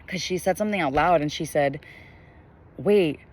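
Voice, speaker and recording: A fast-talking young man, his voice on the high side, reads tarot casually for a collective audience on camera, drifting into fillers and spiritual tangents. He's inside, with a bright sky glowing behind him and the camera aimed his way.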